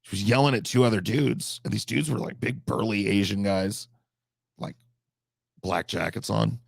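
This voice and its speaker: Gravelly, profane storytelling man. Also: lowish voice, moderate pace, no room sound, studio quality. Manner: rambling, profane, conversational. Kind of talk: comedic storytelling.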